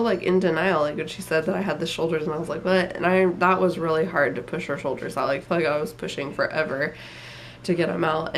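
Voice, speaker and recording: A woman's voice: lowish voice, a little hiss or hum. A young woman vlogger telling a personal story in a rambling, emotional way, tired and full of fillers.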